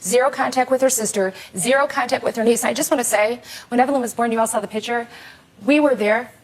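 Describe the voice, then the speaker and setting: A middle-aged woman speaking forcefully and defiantly as a talk show guest in a TV studio. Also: a little high, fast talker. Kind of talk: emotional talk show testimony.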